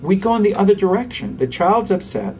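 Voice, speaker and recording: A man, a pediatrician, giving an interview and explaining parenting techniques in an animated way, acting out parents and kids. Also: high-pitched, a little fast, far from the mic, slight background noise. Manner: animated, acts out parents and children.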